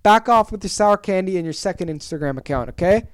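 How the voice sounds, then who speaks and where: A young adult podcast host on a comic solo rant, exaggerating every complaint and swearing freely. The voice is smooth and resonant at a middling pitch. The sound is dry and close, with no room around it. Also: quick pace, no echo. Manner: exaggerated, animated ranting with swearing.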